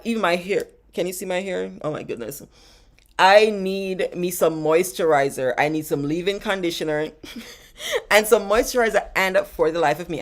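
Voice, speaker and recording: A woman from the United States, a family travel vlogger, chatting casually and rambling through a live-stream Q&A, often laughing, on a webcam or phone mic. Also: low-pitched.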